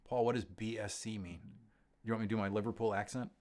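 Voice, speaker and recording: A middle-aged man hosting a livestream, reading out viewer comments and answering them in a relaxed, rambling way with many pauses and restarts. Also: lowish voice. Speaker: host of a gear livestream.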